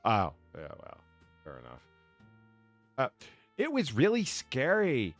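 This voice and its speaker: A man's voice: medium pitch, huge pitch swings, slow, faint music behind. Sarcastic man reading headlines mockingly. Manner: sarcastic, reads news headlines aloud mockingly. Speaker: podcast co-host. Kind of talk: casual crude comedy chat.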